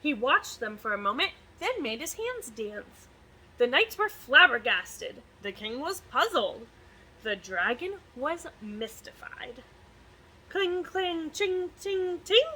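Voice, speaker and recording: Slow, sing-song storybook reader, a woman. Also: fairly high pitch, big pitch swings, bright, forceful tone, breathy edge, low-quality recording. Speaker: student success advisor reading to children. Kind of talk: storybook read-aloud.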